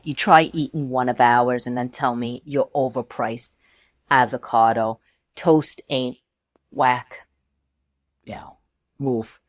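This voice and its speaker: A cheeky, impatient New York woman with a thick New York accent, from a synthetic woman's voice. She drawls her brash complaints slowly. The sound is dry and close. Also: rumbling low, no echo, full character voice. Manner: brash and sassy.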